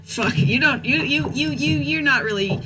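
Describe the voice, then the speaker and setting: A woman's voice: sits high, normal speed, low-quality recording. A woman running a tabletop game over a video call, laughing and exclaiming at her players. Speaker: game master.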